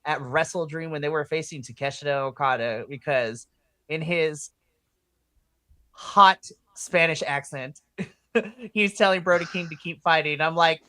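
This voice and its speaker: A woman co-hosting a podcast in casual chat, excitable and laughing often, with plenty of swearing. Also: deep voice, measured pace, no room sound. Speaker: podcast co-host.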